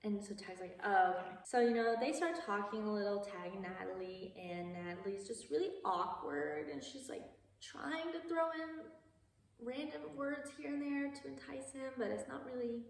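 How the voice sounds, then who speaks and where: A woman's voice: on the high side, moderate pace, creaky. A young woman casually recapping a movie plot, chatty with lots of asides and laughs. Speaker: video creator. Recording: echoey hall from far off.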